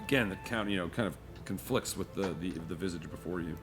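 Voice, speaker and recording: A man's voice: low voice, fast talker, over music. A man narrating as game master of a tabletop game, in a loose, easygoing way with lots of "you know".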